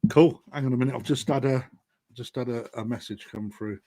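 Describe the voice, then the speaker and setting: A man hosting a live fish auction, chatting casually, bursting loud and then dropping to quiet asides. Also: mid-range voice, a little fast. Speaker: auction host.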